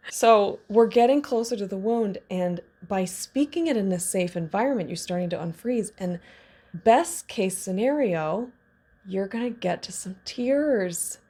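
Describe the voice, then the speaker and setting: A woman in her thirties speaking as a trauma healing coach, in a candid, casual teaching monologue with laughs and personal asides. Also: mid-range voice. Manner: warm candid talk with laughs and self-disclosure.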